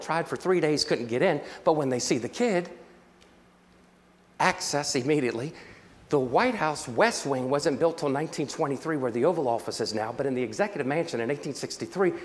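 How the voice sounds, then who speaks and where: A man's voice: a little high, expressive, a little fast, long reverb tail. A man preaching a sermon to an auditorium, telling a story with dramatic flair and calling out for amens. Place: large auditorium.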